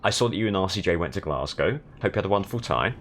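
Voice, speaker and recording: A man's voice: sits low, animated, racing, fairly bright tone, a little hiss or hum. A young man from the south of England chatting casually while streaming a driving game, with dry, sardonic commentary. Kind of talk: casual gaming stream chat.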